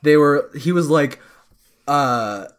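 A man's voice: on the high side, animated, takes it slowly, smooth. A young man co-hosting a casual chat, rambling and joking, laughing often.

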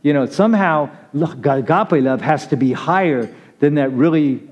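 A man's voice: on the high side, moderate pace. A man giving a casual, conversational sermon, chatty and laughing as he calls on listeners by name. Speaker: preacher. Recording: muffled lo-fi recording.

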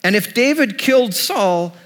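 A man's voice: high voice, expressive, measured pace, a bit bright, long reverb tail. A male pastor preaching a sermon, retelling a scripture story in a storytelling way.

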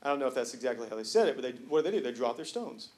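A man preaching a sermon in a church, talking casually with jokes and slang, then building to loud, emphatic points. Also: mid-range voice, big pitch swings, rapid-fire. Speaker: pastor. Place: church sanctuary.

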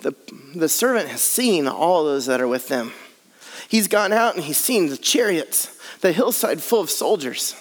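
A man's voice: on the high side, lively intonation, normal speed, in a large hall. A man preaching a sermon earnestly, building his points in repeated lists. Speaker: pastor.

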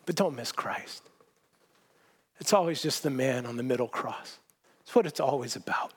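A man's voice: medium pitch, expressive, moderate pace, breathy edge. A man preaching a sermon as pastor, earnest and emphatic, repeating key phrases and often restarting sentences.

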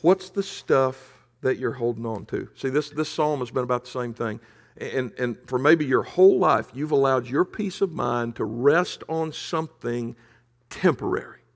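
A male pastor preaching in a conversational storytelling way, often dropping to a hush for emphasis. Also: medium pitch, normal speed, vocal fry. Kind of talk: sermon storytelling.

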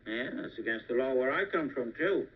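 A kindly elderly angel. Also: male voice, mid-range voice, animated, moderate pace, slightly rough. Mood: gentle. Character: gentle elderly male angel, kindly and earnest. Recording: dull old film soundtrack with faint hiss.

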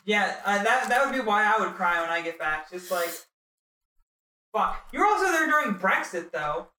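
A young woman from Minnesota hosting a casual interview, joking with quick asides. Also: medium pitch, big pitch swings, pushed and bright. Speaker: podcast host. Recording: roomy and distant.

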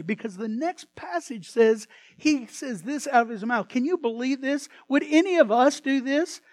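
A man preaching a sermon as pastor, swinging between hushed asides and sudden loud bursts. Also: very high-pitched, animated, normal speed, hardly any pauses, no room sound.

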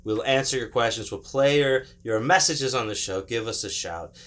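A man's voice: medium pitch, moderate pace, fairly bright tone. A man hosting a podcast in a casual, rambling, joking way. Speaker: podcast host.

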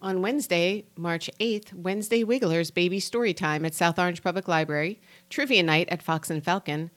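Upbeat New Jersey woman co-hosting a podcast. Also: fairly low pitch. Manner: brisk, upbeat listing of events. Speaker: podcast co-host. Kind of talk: casual local events chat.

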